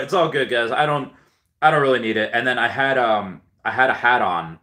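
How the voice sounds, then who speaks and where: Young guy rambling on his stream, bright voice, lots of ums, self-deprecating. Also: medium pitch, a little fast. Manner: rambling, self-deprecating storytelling with frequent fillers. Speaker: livestream host. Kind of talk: casual livestream chat reading viewer comments.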